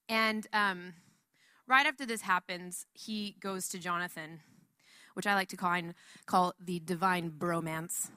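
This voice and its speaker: A woman giving a casual Bible teaching in a chatty, animated way, full of asides. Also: on the low side, a little slow, clear, resonant tone, no echo, clean studio sound.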